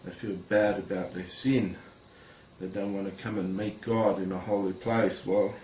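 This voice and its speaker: Man, lower register, earnest personal testimony, hesitant delivery, talks straight to the viewer; echoey room. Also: fairly even intonation, darkish tone, slight background noise. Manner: earnest, halting, many hesitations, addresses viewers directly. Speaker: Christian recounting a vision. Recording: roomy with faint ambience.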